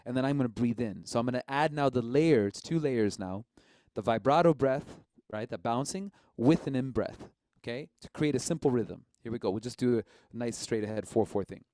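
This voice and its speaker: A man teaching a live-streamed didgeridoo lesson, relaxed and encouraging, often checking in with his listeners. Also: mid-range voice, no echo.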